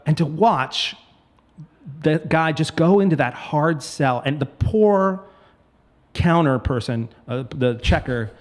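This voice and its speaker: A man's voice: on the high side, expressive, slow. A man hosting a real estate podcast, telling a long story in a rambling, self-correcting way that turns heated as he rants. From United States. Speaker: podcast host, realtor. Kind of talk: casual ranting podcast talk.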